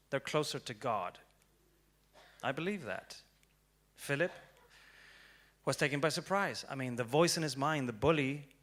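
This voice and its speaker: A young man giving a prepared storytelling talk on stage, dramatic and swinging from hushed to loud. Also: medium pitch. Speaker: speaker. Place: stage before an audience.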